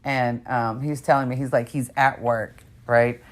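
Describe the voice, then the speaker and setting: A young adult woman with a low voice tells a story to her podcast co-host in casual chat. She acts out what other people said, jumping her voice high for quotes. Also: moderate pace. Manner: animated storyteller, acts out quotes with big pitch jumps.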